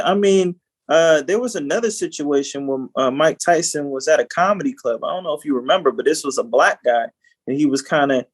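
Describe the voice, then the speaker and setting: A man co-hosting a podcast in casual chat, rambling with lots of "you know" and repeated words. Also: a little high. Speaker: podcast co-host.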